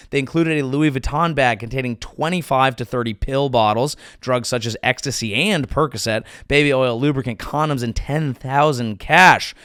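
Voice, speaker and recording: A male comedian hosting his own podcast, riffing crude jokes in an animated monologue on a close mic. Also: mid-range voice, dry recording. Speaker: comedian host.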